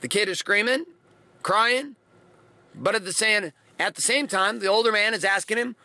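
A man's voice: high-pitched, normal speed, bright, forceful tone, no room sound. A man giving a blunt, emphatic motivational talk, hammering his points with repeated phrases. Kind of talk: motivational monologue.

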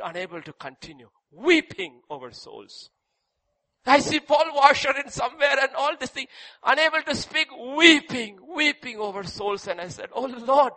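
A man preaching a sermon, repeating rhetorical questions and swinging between loud cries and hushed passages. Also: extremely high pitch.

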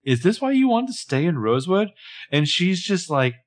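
A man's voice: high-pitched, sing-song, moderate pace. A man co-hosting a podcast, casually recapping a TV episode and jokingly acting out characters' lines. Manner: jokey, acts out characters' lines in passing. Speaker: podcast co-host.

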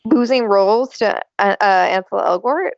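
A woman's voice: mid-range voice, normal speed, vocal fry, no room sound, muffled recording. A woman co-hosting a podcast in casual, chatty talk with plenty of fillers. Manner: chatty, lots of fillers, laughs often. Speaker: podcast co-host. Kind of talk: casual chat.

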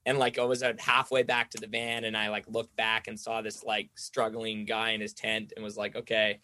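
A man's voice: fairly low pitch, completely flat delivery, moderate pace, sharp tone. A young man telling a long story in casual chat, rambling with lots of "like" and acting out the voices of the people in it. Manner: rambling, says "like" constantly, acts out quoted voices.

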